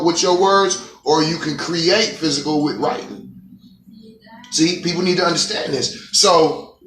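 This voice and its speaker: A man's voice: a little high, fairly bright tone. Profane preachy man in an echoey room. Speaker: host. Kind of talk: casual monologue on a live stream.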